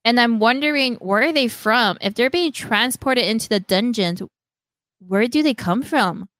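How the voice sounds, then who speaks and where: Smooth-voiced woman retelling a story. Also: on the high side, unhurried, no echo. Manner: animated storyteller, acts out quoted lines. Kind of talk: casual fan chat.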